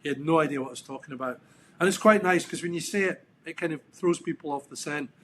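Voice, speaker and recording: Here a podcast guest, a middle-aged man with a Scottish accent, talks fast in a slightly higher-than-typical male voice. The casual interview chat feels relaxed and reflective as he wanders through his stories, stumbling with ums and restarting often. There's slight background noise.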